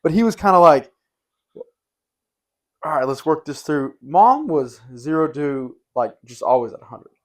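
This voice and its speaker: A man's voice: fairly high pitch, a little slow, long pauses. Rambling young guy telling stories. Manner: rambling and animated, uses "dude" and "like" a lot. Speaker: podcast host. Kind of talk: casual storytelling chat.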